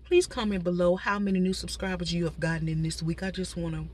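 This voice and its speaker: A woman's voice: lowish voice, steady tone, quick pace, darkish tone, a little hiss or hum. A woman vlogger chatting casually to her viewers from inside a parked car. Her voice is slightly stuffy from a cold, and she talks straight to the audience with lots of asides. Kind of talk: casual talking mukbang chat.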